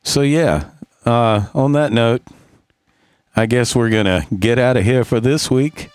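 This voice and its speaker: A man's voice: medium pitch, measured pace, darkish tone, clear, resonant tone, no echo. Laid-back man wrapping up a podcast. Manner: laid-back, dry jokes, brief agreements. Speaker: podcast host. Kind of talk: casual podcast chat.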